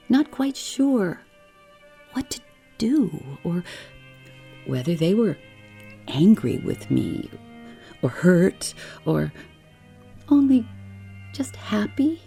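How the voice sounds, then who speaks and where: A woman reading a bedtime story aloud in a soft, soothing, unhurried way. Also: medium pitch, gravelly.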